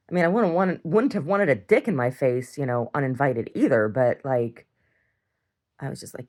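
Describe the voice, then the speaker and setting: Her voice is extremely low, animated and darkish in tone, moving at a moderate pace. In this rambling video diary she talks bluntly and profanely, with many restarts, lots of "I don't know" and frequent small chuckles.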